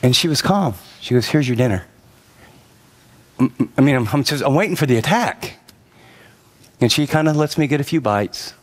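A male pastor delivering a sermon in a slightly high voice for a man. He tells stories from his own life, then turns straight to the audience with urgent, repeated lines that hammer each point home. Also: fairly quick. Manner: storytelling, then urgent direct address to the audience; repetitive emphatic phrasing.

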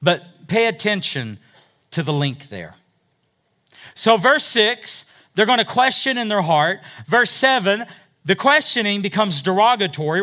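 A man's voice: sits high, sing-song, moderate pace, sharp tone. A man preaching a sermon, explaining scripture verse by verse and acting out quotes with emphasis. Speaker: pastor.

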